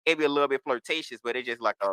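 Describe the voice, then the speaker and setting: A man's voice: medium pitch, rapid-fire, sharp tone, smooth, no echo. A man as a podcast guest, telling candid stories in casual chat and slipping into the voices of people in them. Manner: candid storytelling, slips into voices of others.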